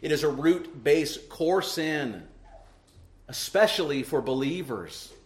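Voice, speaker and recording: Emphatic middle-aged preacher in an echoey church. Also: male voice, a little high. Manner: emphatic preaching with repeated rhetorical questions. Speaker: pastor. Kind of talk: sermon. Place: church sanctuary.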